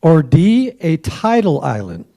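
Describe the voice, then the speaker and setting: A man's voice: a little high, huge pitch swings, a little slow, vocal fry, dark tone. A man hosting a trivia quiz at a club meeting, joking with the tables and offering hints for a dollar.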